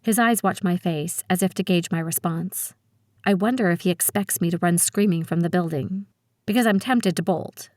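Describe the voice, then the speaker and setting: Audiobook narrator: woman, first person, lowish voice, steady and measured, dry close read. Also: dry recording.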